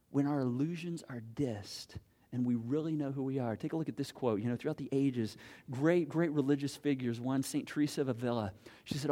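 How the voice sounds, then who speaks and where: A middle-aged man preaching a sermon as pastor, animated and full of restarts, dropping low for quoted lines.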